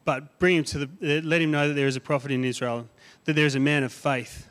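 A man's voice: fairly high pitch, fairly even intonation, fast talker, a bit bright, long reverb tail. A man preaching a sermon, retelling a story with many restarts and fillers.

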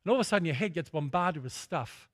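A man's voice: on the high side, animated, rapid-fire, fairly bright tone, no echo, clean studio sound. A man preaching a sermon, repeating phrases for emphasis and calling out to his congregation.

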